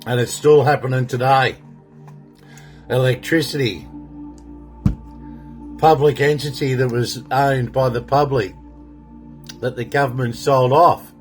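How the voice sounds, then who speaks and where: A middle-aged Australian man ranting indignantly in a rambling monologue, with frequent swearing. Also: on the high side. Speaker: political commentator. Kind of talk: monologue to camera.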